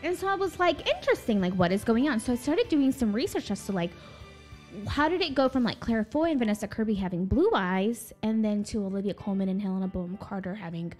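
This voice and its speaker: A woman's voice: medium pitch, lively intonation, fairly quick, darkish tone, faint music behind. A young woman co-hosting a podcast, chatting casually with lots of fillers. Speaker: podcast co-host. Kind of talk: casual chat.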